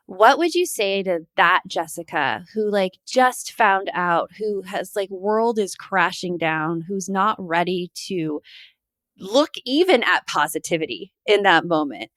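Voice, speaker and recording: Lower-voiced woman hosting a podcast. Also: fairly bright tone, no echo. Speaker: podcast host.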